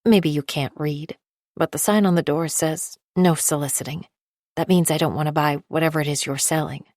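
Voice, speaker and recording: A woman narrator voicing a gentle, tearful middle-aged aunt with a hippie air. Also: low voice, fairly even intonation, normal speed, dry recording, studio quality, close to an everyday voice. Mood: curt.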